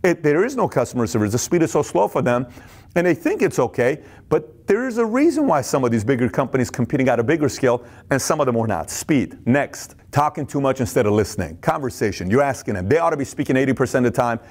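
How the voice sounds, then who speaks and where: Intense, high-energy man talking business. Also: sing-song, fast talker, darkish tone. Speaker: business speaker. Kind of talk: energetic motivational talk.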